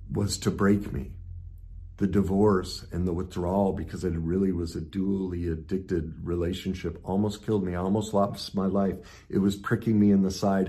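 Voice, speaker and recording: Middle-aged male speaker, very low voice, earnest motivational talk that surges loud then drops to a hush. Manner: swings from loud intensity to hushed reflection. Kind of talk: personal story talk.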